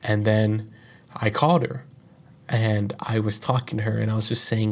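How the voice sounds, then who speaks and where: A man's voice: lowish voice, level tone, moderate pace. A young man hosting a podcast, telling a personal story in a casual, rambling monologue full of profanity and fillers. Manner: profane, rambling, heavy use of "like". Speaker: podcast host.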